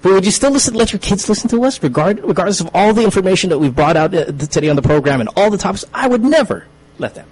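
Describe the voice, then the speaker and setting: A man's voice: sits high, lively intonation, fast talker, a little mellow, breathy edge, rough recording. A man hosting a radio talk show, arguing his point with emphatic, stammering restarts.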